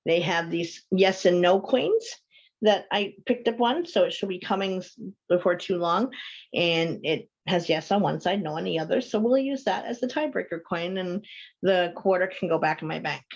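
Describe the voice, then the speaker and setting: A woman's voice: fairly low pitch, animated, moderate pace, dull audio. A woman hosting a live call-in show, chatting with viewers, reading their comments aloud and telling stories. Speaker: host.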